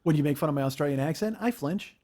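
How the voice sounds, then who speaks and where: Fast-talking man in his forties. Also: fairly high pitch, lively intonation, mellow. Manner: quick, joking, stammering restarts. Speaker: podcast host. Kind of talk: casual chat.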